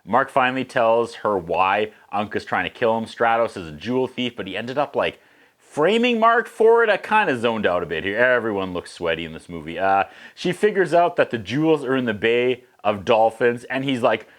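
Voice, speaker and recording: A man hosting a casual movie recap, making sarcastic, joking asides and slipping into quick voices for the characters. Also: mid-range voice, sing-song, fairly bright tone. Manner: casual, profane. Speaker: host.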